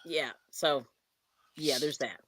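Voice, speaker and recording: A woman's voice: low voice, takes it slowly, crowd noise. A woman from Pennsylvania hosting a casual chat, chatty and laughing often. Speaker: channel host.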